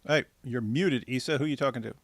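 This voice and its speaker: A man hosting a livestream, reacting excitedly and talking to his chat in a casual way. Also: mid-range voice, fast, no echo. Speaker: livestream host.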